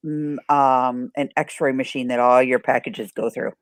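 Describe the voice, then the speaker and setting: A woman chatting casually with friends on a video call, teasing and quick to laugh. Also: extremely low pitch, steady tone, no echo, studio quality. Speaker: friend in a group live chat. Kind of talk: casual chat.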